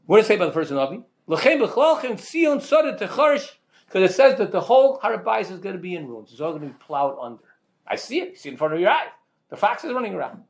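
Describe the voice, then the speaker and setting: A man delivers a Torah lecture in a high voice that leaps up and down with emphasis. He keeps asking rhetorical questions and often repeats a word before pressing on. The delivery is lively and insistent throughout. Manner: repeats words when restarting. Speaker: Torah teacher.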